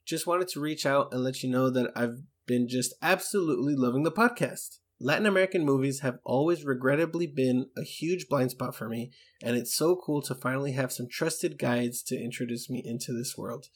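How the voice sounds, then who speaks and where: A man's voice: medium pitch, normal speed, hardly any pauses. An English man co-hosting a podcast, chatting enthusiastically and reading out listener emails. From England. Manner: enthusiastic, chatty, with many fillers. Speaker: podcast co-host.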